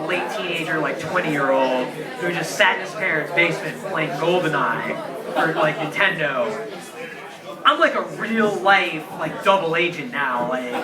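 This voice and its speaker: A man's voice: high-pitched, far from the mic. A young man in his twenties telling a rambling, earnest story with lots of "like" fillers at a live show in a bar. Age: 20s. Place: crowded bar. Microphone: distant handheld camera. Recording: roomy bar recording from afar, crowd chatter.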